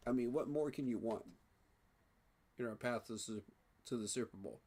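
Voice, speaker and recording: Man, fan reaction vlog, excitable, emotional, keeps repeating himself, mid pitch. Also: normal speed, long pauses, a little hiss or hum. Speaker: sports fan vlogger.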